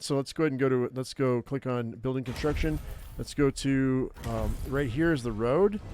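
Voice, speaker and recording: A man's voice: mid-range voice, a little mellow, slight background noise. A man giving casual gameplay commentary as a gaming YouTuber, rambling and thinking aloud with lots of fillers and restarts.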